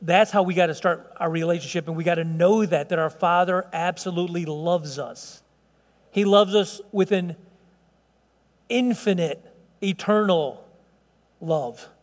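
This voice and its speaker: Impassioned high-voiced male pastor. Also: a little slow, pauses often. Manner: impassioned, stammering repeats, swings between soft and loud. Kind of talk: sermon. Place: church sanctuary. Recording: long reverb in a church hall.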